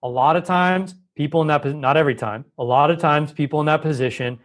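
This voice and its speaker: A man on a podcast explaining health ideas at length, lively and talkative, often acting out quoted voices. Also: fairly high pitch, fast. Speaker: guest expert on holistic health. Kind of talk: conversational podcast interview.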